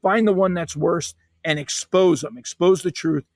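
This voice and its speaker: A man's voice: high voice, normal speed, no room sound. A man, a guest author in a podcast interview, talking in an emphatic, punchy storytelling way.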